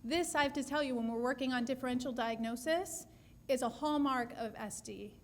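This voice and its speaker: High-voiced woman speech therapist explaining. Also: brisk. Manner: explanatory, with frequent restarts. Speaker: speech therapist presenting a session. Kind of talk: answering audience questions.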